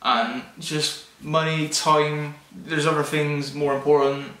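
A man's voice: on the high side, little pitch movement, slow pace, a bit bright. A man, chatting casually as a vlog co-host in a laid-back, hesitant way. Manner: laid-back, hesitant, full of ums and likes. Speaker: vlogger co-host. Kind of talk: casual chat. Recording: roomy sound, mic at a distance.

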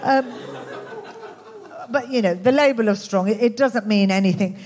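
A woman with a Birmingham accent performing a stand-up comedy set in a club, with a dry, deadpan, self-mocking delivery. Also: mid-range voice, moderate pace. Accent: Birmingham English. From England. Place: comedy club with live audience.

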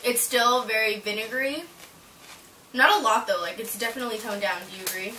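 A woman's voice: a little high, brisk, bright, forceful tone. A young woman vlogger chatting casually and teasingly during a taste test, giggling often. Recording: roomy and distant with faint noise.

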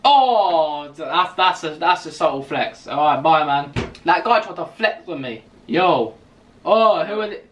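Cheeky young London man, high voice. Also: expressive, a bit bright, lo-fi sound, a little hiss or hum. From England. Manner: teasing, mock-insulting, quick to laugh. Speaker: YouTuber host. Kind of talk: casual video chat banter.

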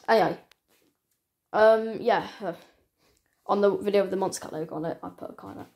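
A woman talks casually to her channel's viewers in a mid-pitched voice. She rambles and halts as she goes, often restarting her sentences. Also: fairly even intonation, a little mellow. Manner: rambling, halting, many restarts. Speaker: channel owner. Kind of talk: casual vlog chat.

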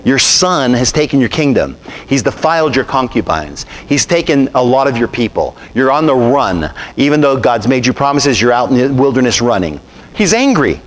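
Animated preaching man. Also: medium pitch, moderate pace. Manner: preaching, calls for congregation to repeat and answer. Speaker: pastor. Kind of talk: sermon.

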